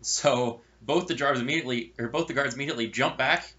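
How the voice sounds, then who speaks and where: A man casually telling a funny story from his game nights, with wry asides and animated delivery. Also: mid-range voice, fast. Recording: dull lo-fi recording.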